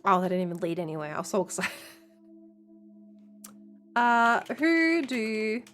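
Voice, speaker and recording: A woman streaming a video game live, commenting in an animated, reactive way, with sudden loud exclamations. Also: mid-range voice, measured pace, faint music behind.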